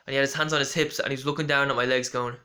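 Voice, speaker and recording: A man's voice: mid-range voice, steady tone, rapid-fire, bright, forceful tone. A young man rambling through a casual storytelling monologue with lots of fillers and restarts. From Ireland. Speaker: vlogger.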